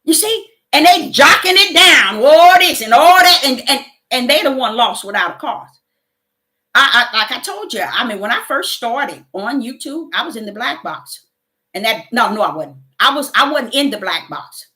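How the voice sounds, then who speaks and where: A woman's voice: high-pitched, expressive, normal speed, bright, forceful tone. A middle-aged woman giving a fervent spiritual testimony to her viewers, preachy and repeating her words. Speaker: YouTuber.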